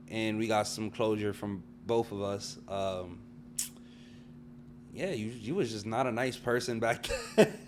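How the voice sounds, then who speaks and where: A man's voice: fairly low pitch, slight background noise. A man co-hosting a casual chat podcast, teasing and joking with playful boasts. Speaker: podcast co-host.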